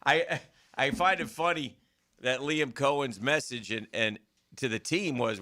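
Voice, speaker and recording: A man's voice: mid-range voice, measured pace, bright, forceful tone. A man hosting a sports radio show, chatting loosely about a football game and often repeating words as he goes. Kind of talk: casual sports talk. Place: radio studio.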